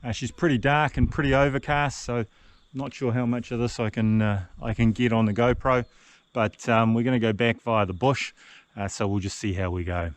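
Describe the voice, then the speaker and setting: An older man, chatting casually as he films his solo hike on an action camera, relaxed and rambling with many fillers. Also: medium pitch, moderate pace, hardly any pauses, no room sound. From New Zealand. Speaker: solo hiker vlogger. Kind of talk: casual outdoor vlog narration. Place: backcountry hut and deck outdoors.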